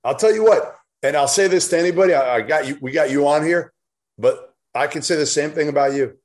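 A man's voice: a little high, fairly quick, a little mellow. A man co-hosting a casual sports podcast chat, talking bluntly and emphatically with some mild swearing. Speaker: podcast co-host.

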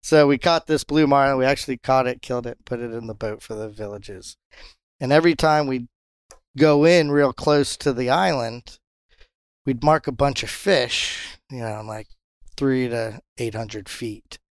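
A man who captains a charter fishing boat, telling fishing stories in a casual interview and jumping into high voices when he quotes others. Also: moderate pace, smooth, dry recording, clean studio sound. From Pompano, Florida. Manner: animated storyteller, jumps high when quoting others.

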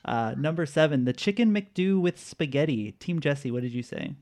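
A man hosting a casual quiz podcast, relaxed, chuckling often and filling pauses with uhs. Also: on the high side. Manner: laid-back, chuckling, with filler uhs. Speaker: quiz host.

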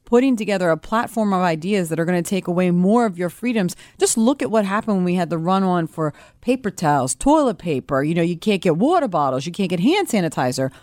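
A woman's voice: fairly low pitch, animated, fast talker, few pauses, darkish tone, dry recording, clean studio sound. A woman co-hosting a radio show, speaking earnestly and at length with many fillers. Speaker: radio show producer and co-host. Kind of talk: casual radio chat.

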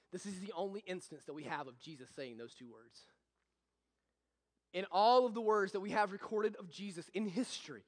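Pastor, male, very high voice, impassioned repetitive sermon delivery, long hall reverb. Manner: impassioned preaching with repetition, drops to soft intimate tones.

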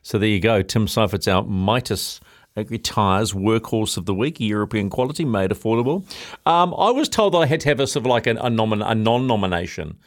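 Playful male radio host, lively pitch. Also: fairly quick. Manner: playful, teasing, laughs often. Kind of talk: casual sports radio banter.

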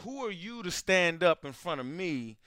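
A man hosting a casual sports chat, arguing his point with slow, deliberate stresses. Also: high voice, big pitch swings, bright, forceful tone, clean tone, no room sound, clean studio sound. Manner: argumentative, drawn-out pauses for effect. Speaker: show host.

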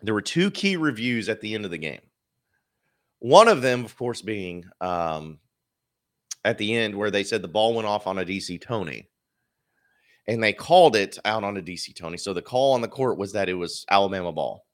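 A man's voice: fairly low pitch, lively intonation, moderate pace. A man hosting a solo sports podcast, giving casual, opinionated commentary with wry asides.

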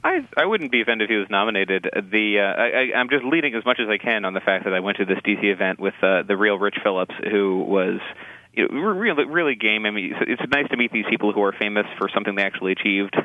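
A man co-hosting a casual film review chat, talking in halting, restarting sentences with wry asides. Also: on the low side, lively intonation, no echo. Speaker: film critic co-host. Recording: tinny phone-like line, dry.

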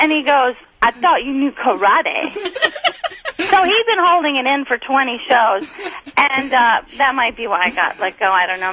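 A middle-aged woman, a guest comedian, telling rambling, excitable stories over a phone line. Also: sits high. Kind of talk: chatty phone interview storytelling.

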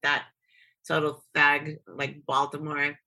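Low, bright-voiced excitable podcast hostess. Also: female voice, slow pace, vocal fry. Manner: excitable, swears freely, rambling. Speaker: podcast host. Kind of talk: casual podcast chat.

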